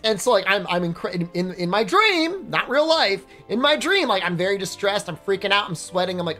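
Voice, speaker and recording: A woman streamer rambles through a story in a lively, swooping voice and keeps breaking into laughs. Her pitch sits in the middle of the range. Quiet music runs in the background. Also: brisk. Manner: rambling, animated, laughs while telling. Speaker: game streamer. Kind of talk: casual storytelling on a live stream.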